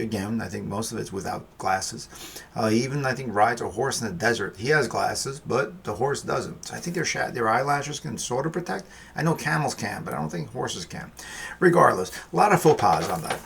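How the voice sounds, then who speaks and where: A man with a gravelly, fry-edged voice reviews a film in loose, casual talk. He wanders into wry asides and restarts his sentences often. His pitch sits in the middle, and a faint ambience hums behind him. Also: a little fast, fairly bright tone, slight background noise. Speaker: film review podcast host.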